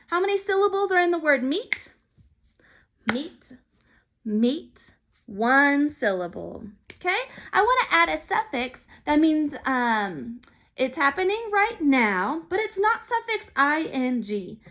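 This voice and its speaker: Woman, phonics teacher, high voice, slow careful sounding out. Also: big pitch swings, fairly bright tone. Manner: slow, clearly sounded out letters and syllables. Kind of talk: phonics lesson for young children. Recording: recorded for remote learning.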